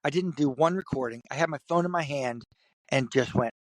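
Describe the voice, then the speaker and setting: A man guest in an interview, from Kentucky, telling a story in an animated way and putting on the voices of the people in it. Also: medium pitch, fairly quick, no echo. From Kentucky, USA. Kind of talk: storytelling in conversation.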